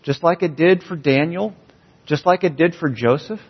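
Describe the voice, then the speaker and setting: A pastor preaching a sermon in a church, earnest and building emphasis on key phrases. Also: male voice, a little high, normal speed, husky. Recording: dull, slightly lo-fi sound.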